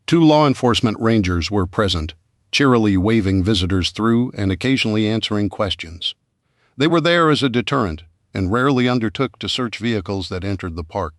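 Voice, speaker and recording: A man narrates an audiobook in a steady, measured voice. His voice sits on the low side. The sound is dry and close, with no room to it. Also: no room sound. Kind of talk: scripted narration.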